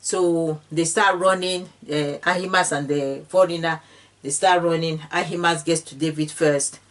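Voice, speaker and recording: A woman's voice: deep voice, steady tone, normal speed. A woman retelling a Bible story in an informal way, with fillers and restarts, slipping into the characters' speech. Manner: slips into the characters' speech when quoting. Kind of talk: casual retelling of scripture.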